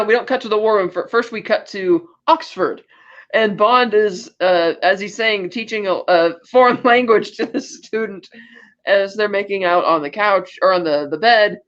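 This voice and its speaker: A man's voice: high-pitched, fairly bright tone, lo-fi sound. A man co-hosting a podcast, casually retelling film scenes and acting out the lines as he goes. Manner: retells scenes acting out quotes in quick asides. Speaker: podcast co-host.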